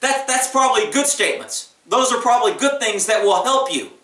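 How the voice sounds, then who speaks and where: A man's voice: extremely high pitch, lively intonation, brisk, bright, forceful tone, recorded from a distance. A man who works as a police officer giving blunt, emphatic advice in a casual vlog monologue. He often acts out what callers and dispatchers might say. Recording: echoey room, voice off-mic.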